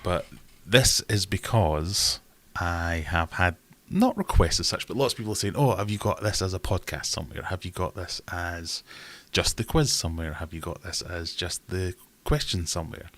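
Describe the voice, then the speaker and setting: A man's voice: low voice, a bit bright. A man hosting a casual live stream, chatting in a rambling, self-deprecating way.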